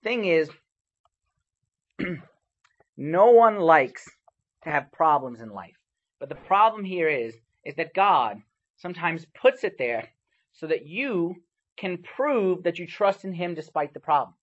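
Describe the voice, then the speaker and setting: Husky male preacher, animated storytelling. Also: a little high, slow, long pauses, lo-fi sound. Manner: animated storytelling with sharp swings in loudness. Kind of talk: sermon.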